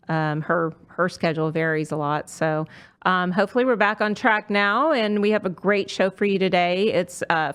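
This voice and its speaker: A woman's voice: on the low side, a bit bright, clean tone. Chatty middle-aged woman hosting a podcast. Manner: chatty, many fillers and restarts. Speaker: podcast host. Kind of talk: casual podcast chat.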